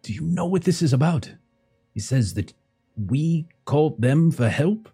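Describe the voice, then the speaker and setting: A man voicing a harried, dismissive male camp worker who speaks in a hurried, officious way. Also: on the high side, lively intonation, mellow, husky, faint music behind, pitched above the performer's own voice, exaggerated voice.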